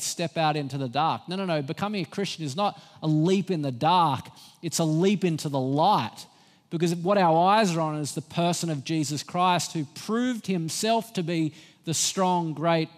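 A middle-aged man preaching a sermon, earnest and gentle, rising for emphasis. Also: sits high. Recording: long hall reverb.

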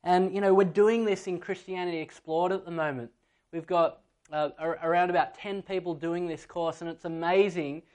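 A man's voice: high-pitched, steady tone, normal speed, darkish tone. A man, preaching a sermon and telling stories, acting out a child's voice at times. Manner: storytelling, acts out a child's voice in anecdotes. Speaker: pastor.

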